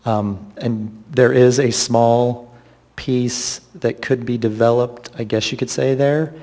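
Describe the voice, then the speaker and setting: A man's voice: mid-range voice, steady tone, slow, a little mellow, big-room sound. A man on municipal staff explaining a site plan at a public meeting, hedging with fillers.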